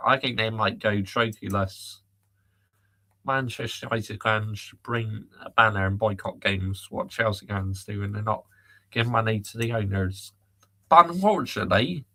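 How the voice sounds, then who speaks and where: Exasperated bright-voiced football host. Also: male voice, fairly low pitch. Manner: exasperated, reads out viewer comments and answers them. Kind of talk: live chat reaction rant.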